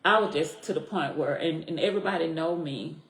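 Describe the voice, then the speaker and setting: A middle-aged woman with a very low, deep voice tells her own story as a podcast guest. She speaks earnestly and from the heart, repeating key phrases for weight. The sound has a noticeable echo from the room. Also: a little fast. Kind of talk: personal story in a podcast interview. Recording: echoey room.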